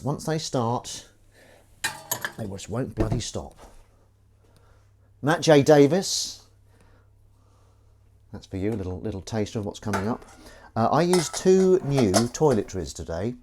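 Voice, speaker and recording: A man's voice: fairly low pitch, a little mellow, a little hiss or hum. A man chatting casually and joking with viewers while he washes up on a livestream. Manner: chatty, jokey, greets viewers by name. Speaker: livestream host. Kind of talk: casual chat while washing up. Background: clinking dishes and cutlery.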